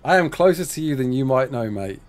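Lively young West Midlands streamer. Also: male voice, mid-range voice, brisk. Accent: English West Midlands. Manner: chatty, laughs often, reads chat aloud. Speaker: game streamer. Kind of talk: casual live-stream chat.

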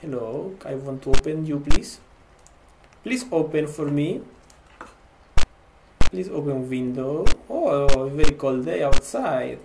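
A man's voice: on the high side, lively intonation, slow, creaky, pauses often, reverberant, noisy background. A man in a comic vampire persona, commenting in broken English while playing a horror game and talking to what he sees. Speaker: let's play gamer in a vampire persona.

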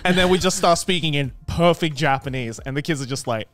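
A man's voice: fairly high pitch, wildly swooping pitch, moderate pace, pauses often, fairly bright tone, no echo, soft background music. A young man co-hosting a podcast, telling playful stories in casual chat with swearing. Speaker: podcast co-host.

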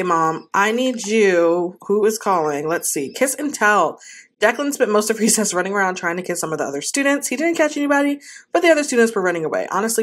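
A woman's voice: medium pitch, a bit bright. A woman giving casual gameplay commentary, talking to her game characters in an exasperated, playful way. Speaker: gaming host.

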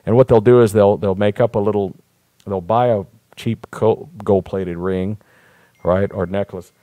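Guy hosting a live stream, lowish mellow voice, crude rambling chat, dry sound. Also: fairly even intonation, unhurried, no room sound. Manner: blunt, profane, rambling storyteller. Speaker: talk show host. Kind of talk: casual live-stream monologue.

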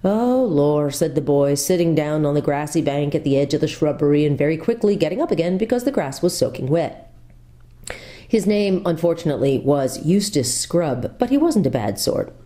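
A woman pastor reading a children's book aloud, telling it with expressive, lively storytelling. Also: deep voice, moderate pace.

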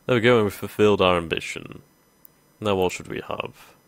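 A man with a low, deep voice commentates on a strategy game as he plays. He thinks aloud casually, pausing often with ums. The sound is dry and close, with no room around it. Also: no room sound. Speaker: gaming video host. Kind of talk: let's play commentary.

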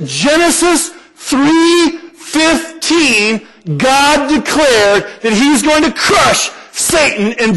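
A man preaching a sermon in a church, animated and lively, acting out prayers and dialogue as he goes. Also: very high voice, low-quality recording. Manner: animated, acts out prayers and dialogue in quoted voices.

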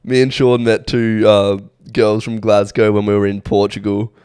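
A man's voice: on the low side, flat delivery, moderate pace, a little mellow, smooth, no room sound, clean studio sound. A young Australian man co-hosting a podcast, telling rambling stories in a laid-back, casual way with lots of fillers. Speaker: podcast co-host. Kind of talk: casual chat.

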